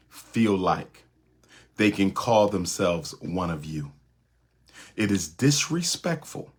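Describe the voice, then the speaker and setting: A man giving an impassioned lecture in a rhythmic, repetitive preaching cadence, with a husky voice. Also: medium pitch. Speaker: speaker.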